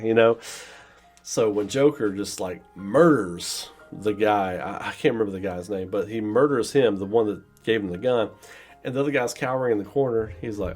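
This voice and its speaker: A man with a lowish, slightly dark voice speaks a bit quickly over faint background music. He gives a casual, rambling spoken movie review, packed with "you know" and scenes acted out in quoted voices.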